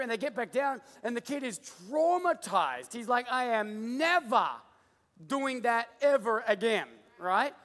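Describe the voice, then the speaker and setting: Australian male pastor, very high voice, jokey digressive sermon, big reverberant hall. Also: a bit bright.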